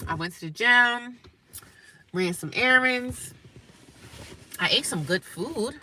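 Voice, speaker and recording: A woman's voice: on the high side, very animated, a little slow, pauses often, bright, forceful tone, slight background noise. A woman vlogging from inside her parked car, chatting casually and emphatically to viewers and calling them honey. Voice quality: emphatic, talkative, calls listeners honey. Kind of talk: casual vlog chat to viewers.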